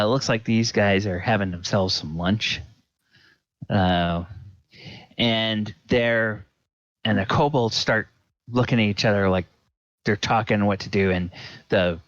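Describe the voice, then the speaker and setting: A man runs a tabletop game in a slow, unhurried narration, hesitating often with ums and restarts. The recording is dry and close, with a dull lo-fi tone. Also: on the low side, a bit bright, no echo. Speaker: game master.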